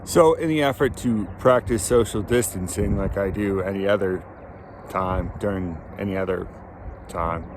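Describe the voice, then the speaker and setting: A young man from Maine talking casually to camera while metal detecting outdoors, rambling and restarting his sentences. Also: low-pitched. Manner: rambling, chatty, halting restarts. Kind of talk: casual outdoor vlog narration. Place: outdoors in a cold field. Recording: outdoor wind and ambient noise.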